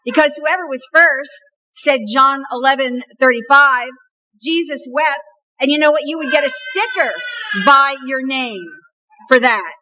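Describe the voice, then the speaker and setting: A middle-aged woman pastor preaching a sermon, retelling a story and slowing down for emphatic, repeated refrains. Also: high-pitched, sharp tone, slight background noise, poor audio.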